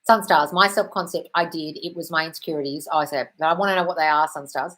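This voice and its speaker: A woman with a slightly low-pitched voice hosts a live question-and-answer stream. She answers viewer comments in an effusive, frank way and calls everyone darling. Now and then she breaks into a sweary, squealing burst of praise. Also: steady tone, fast, hardly any pauses, fairly bright tone, rough recording. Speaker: manifestation coach host.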